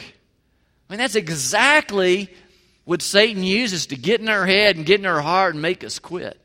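A man's voice: high voice, lively intonation, moderate pace, pushed and bright. A man preaching a sermon in a church, talking conversationally and with emphasis, often asking the listeners questions. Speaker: pastor. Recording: long reverb of a large hall.

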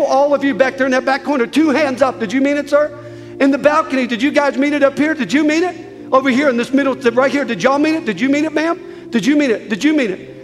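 Male preacher leading an altar call in a big hall, high-pitched, pressing and repetitive. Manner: urgent, repetitive exhortation. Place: large church hall with balcony. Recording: echoey hall with soft music.

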